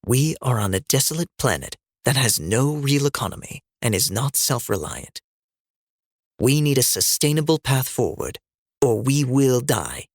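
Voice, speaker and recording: A man reading as an earnest male minister who argues while trying to keep a reasonable tone, in a mid-pitched voice. The audiobook delivery is close and dry. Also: animated, moderate pace, dry recording. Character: earnest male spiritual guide under strain.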